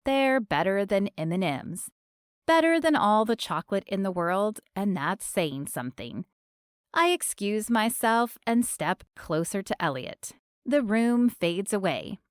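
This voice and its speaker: A woman narrating a romance audiobook in the first person, expressive and storytelling. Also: medium pitch, unhurried, smooth, no echo, clean studio sound.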